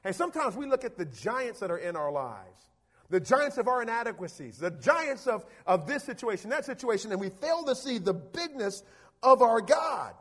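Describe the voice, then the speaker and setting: High-voiced man preaching loudly. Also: moderate pace. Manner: animated preaching, calls for amens, acts out quotes. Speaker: pastor. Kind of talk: sermon. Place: church.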